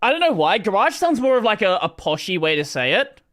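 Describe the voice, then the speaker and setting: High, lively Australian man. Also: fairly quick. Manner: animated, swears freely, plays with pronunciations. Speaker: streamer host. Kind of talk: casual gaming stream chat.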